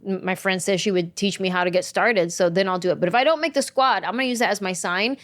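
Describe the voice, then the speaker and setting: A woman in her forties from San Jose, California, a comedian guest telling her story in a casual interview, animated. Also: medium pitch, quick pace. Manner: animated, acts out quoted voices.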